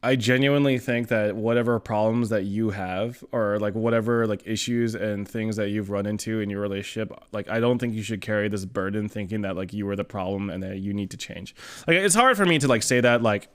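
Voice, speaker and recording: A man's voice: lowish voice, a little fast, smooth. A young man streaming, talking casually and giving earnest advice, rambling with many fillers and swear words. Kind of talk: casual chat.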